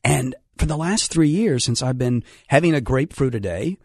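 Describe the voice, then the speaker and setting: A man hosting a radio call-in show, animated and wry, a bit hoarse from a cold. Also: medium pitch, normal speed, dry recording, clean studio sound. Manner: animated, wry, laughs while talking. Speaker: radio talk show host. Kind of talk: casual opinionated radio talk.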